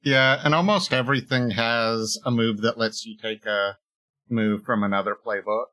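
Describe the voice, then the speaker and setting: A man's voice: fairly low pitch, fairly even intonation, normal speed, pushed and bright, poor audio. A man co-hosting a podcast in casual chat, hesitant, with many ums and short agreements. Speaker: podcast co-host. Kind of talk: casual chat about tabletop games.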